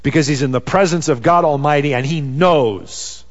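A man's voice: a little high, normal speed. Preaching man in a reverberant hall. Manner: conversational preaching with many "you know" fillers. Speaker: pastor. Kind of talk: sermon. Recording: dull sound with long reverb.

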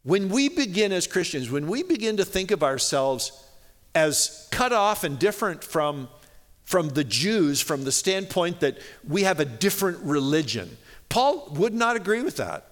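A man teaching a Bible passage in a sermon, reading verses slowly and explaining them in a casual way, with many fillers and restarts. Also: high-pitched, big pitch swings. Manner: conversational, many "you know" fillers and restarts; reads scripture slowly and deliberately.

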